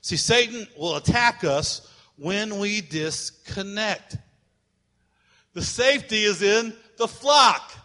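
A male pastor delivering a sermon, emphatic and repetitive, at times shouting. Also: high-pitched, lively intonation, takes it slowly.

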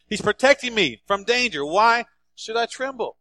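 A man's voice: very high-pitched, lively intonation, moderate pace, pushed and bright, dry recording. A male pastor preaching a sermon in an emphatic, repetitive style.

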